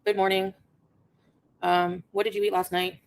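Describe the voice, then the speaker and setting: A woman vlogger telling a story in a rapid, exasperated way, reading out text messages. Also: medium pitch, level tone, creaky, a little hiss or hum. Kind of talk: casual storytelling vlog.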